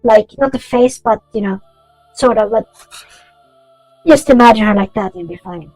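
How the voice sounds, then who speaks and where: A woman's voice: on the high side, normal speed, a little mellow, no room sound, faint music behind, rough recording. A woman chatting casually while coding on stream, rambling through stories and swearing freely.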